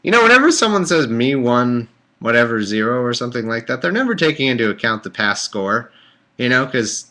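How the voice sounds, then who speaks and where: A man's voice: mid-range voice, sing-song, fairly quick, pushed and bright. A man hosting a live stream, reading scripture aloud and breaking off into rambling, jokey asides. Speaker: livestream host. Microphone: computer microphone on a live stream.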